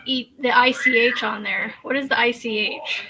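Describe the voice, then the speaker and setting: A woman's voice: a little high, steady tone, normal speed, pushed and bright, husky. A woman from Kansas hosting a crochet live stream, chatting casually, laughing often and answering viewer comments as she works. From Kansas, USA. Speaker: crochet channel host.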